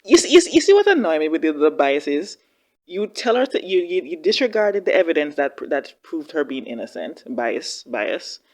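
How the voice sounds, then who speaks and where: A woman hosts a reaction video in a casual, heartfelt way, often exclaiming and repeating her words. Her voice sits somewhat low. She swings between gushing and frustrated commentary. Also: big pitch swings, fairly quick, a little mellow.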